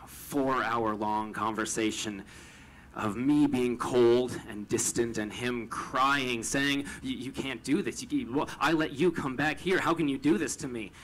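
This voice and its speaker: A man's voice: lowish voice, a bit bright, a little hiss or hum, rough recording. A man telling a personal story with a lot of stammering repetition, retelling it with emotion.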